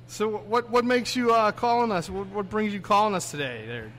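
A man's voice: sits high, fairly quick, fairly bright tone. A man from hosting a casual comedy radio show, laughing often and getting flustered.

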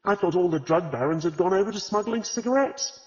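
A man's voice: high voice, lively intonation, brisk, pitched above the performer's own voice. A man reading the lines of a brash, prickly middle-aged woman sleuth in an audiobook, talking sharply and indignantly. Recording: reverberant, slightly dull audiobook recording.

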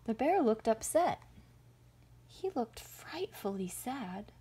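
A woman reads a rhyming children's story aloud, gentle and rhythmic. Her voice is soft and breathy, and she keeps an unhurried pace. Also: a little high, sing-song. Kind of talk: reading a rhyming picture book aloud.

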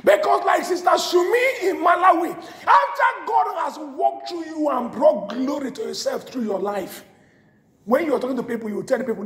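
A man preaching a sermon with great passion, swinging from shouts to low murmurs. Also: lively intonation, normal speed, reverberant.

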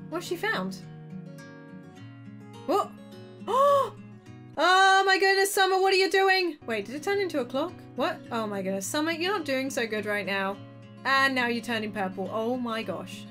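A woman's voice: a little high, a bit bright. A woman host giving reaction commentary, exclaiming in amazement.

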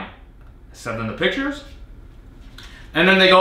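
Male vlog host, high bright voice, exasperated storyteller, echoey room. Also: moderate pace, long pauses. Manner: animated, exasperated retelling with quoted exchanges. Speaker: video host reviewing an arcade cabinet. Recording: echoey room, mic at a distance.

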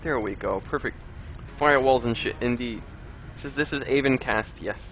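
Over dull lo-fi stream audio with faint game music and a little hiss or hum, a young man gives live gameplay commentary. He speaks at normal speed in a medium pitch, chatting with viewers, reading and answering chat, and venting exasperation at enemies.

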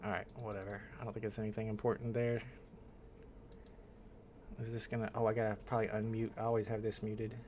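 A man's voice: lowish voice, flat delivery, quick pace, pauses often, darkish tone, slight background noise. A man hosting a casual livestream from home, rambling and thinking aloud as he greets people in the chat. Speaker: livestream host.

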